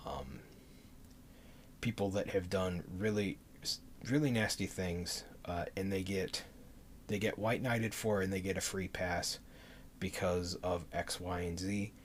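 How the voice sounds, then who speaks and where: A man's voice: low-pitched, a little hiss or hum. A man streaming to his audience, talking passionately off the cuff with many fillers and restarts, audibly out of breath.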